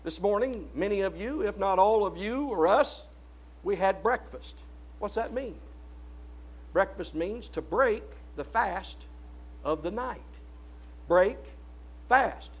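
A man with a notably high voice delivers a sermon. He leans hard on single words and draws them out. He climbs to loud peaks, then sinks back to low, quiet asides. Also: lively intonation, breathy edge. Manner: drawn-out stresses on single words. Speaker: preacher.

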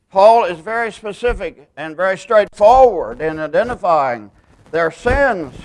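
Emphatic high-voiced male preacher. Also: fairly bright tone. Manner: emphatic, stresses single words, slows for quoted scripture. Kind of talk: sermon.

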